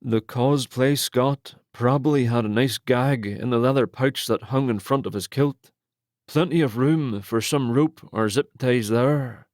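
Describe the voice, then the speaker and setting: Man narrating an audiobook, mid pitch, measured delivery, dry close studio sound. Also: darkish tone, no echo. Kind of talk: scripted narration of a romance novel.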